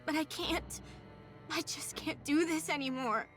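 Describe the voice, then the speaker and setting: An actress voicing a fierce young woman protecting her pop star friend in a game, shouting and emotional. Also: sits high, unhurried, faint music behind. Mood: sobbing. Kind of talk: game voice acting.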